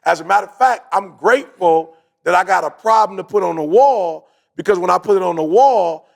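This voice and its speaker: A man's voice: high-pitched, a little fast, vocal fry. A man hosting a podcast, telling a story in a casual motivational way, acting out quotes and repeating his points. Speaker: podcast host.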